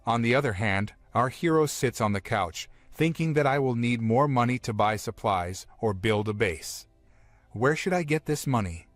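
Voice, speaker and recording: A man narrating a comic story recap, linking events with steady, plain phrasing. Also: medium pitch, normal speed, no echo. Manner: strings events together with "and then he says".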